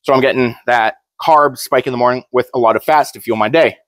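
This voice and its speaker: A man's voice: medium pitch, brisk, fairly bright tone, dry recording. A young man talking casually to camera, blunt and joking, rambling with frequent restarts. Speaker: powerlifter vlogger.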